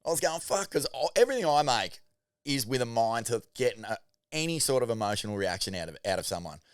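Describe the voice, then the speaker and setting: A man co-hosting a podcast, talking in animated, sweary casual chat with halting restarts. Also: medium pitch, clean tone, no room sound, clean studio sound. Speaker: podcast co-host.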